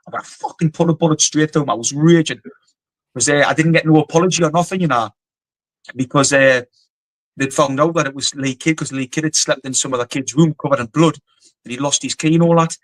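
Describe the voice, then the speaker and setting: A man's voice: on the high side, fairly even intonation, fast talker, no room sound, poor audio. A middle-aged man with a Geordie accent, a former soldier telling stories as a guest, blunt and rambling, swearing freely. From North East England. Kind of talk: casual storytelling interview.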